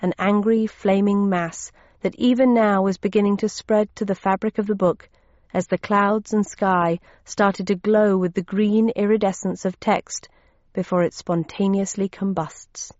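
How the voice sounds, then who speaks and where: A woman reading a first-person story aloud as an audiobook narrator, steady and measured. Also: mid-range voice, dry recording, lo-fi sound.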